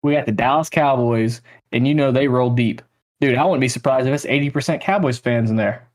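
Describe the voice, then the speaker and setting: A man's voice: medium pitch, fairly quick, a little mellow. A young man co-hosting a casual sports podcast, an exasperated, self-mocking fan ranting about his team. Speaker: podcast co-host, Panthers fan.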